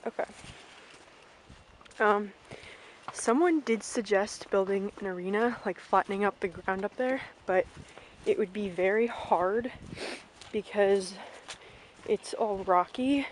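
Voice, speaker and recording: A woman's voice: mid-range voice, slow, pauses often, slight background noise, poor audio. A young woman casually vlogging an outdoor farm tour on a handheld camera, chatting and calling out to her ponies.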